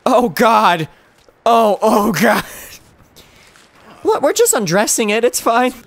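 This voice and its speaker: Young male streamer, high, bouncy voice; playful and giggly, reads on-screen prompts aloud. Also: expressive, slow pace, gravelly, a bit bright, dry recording. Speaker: gameplay streamer. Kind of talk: casual let's-play commentary.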